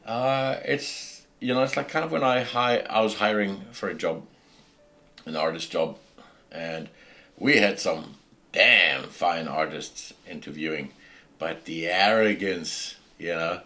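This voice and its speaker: A middle-aged South African man hosts a casual podcast, his low voice unhurried yet pushed and bright. He rants with passion and a preachy edge, restarting his sentences often, while faint music plays in the background.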